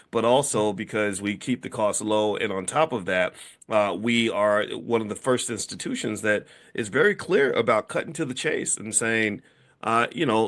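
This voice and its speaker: A man's voice: on the low side, sharp tone. Rambling middle-aged man, many restarts. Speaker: host, founder of a business school. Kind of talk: casual conversation.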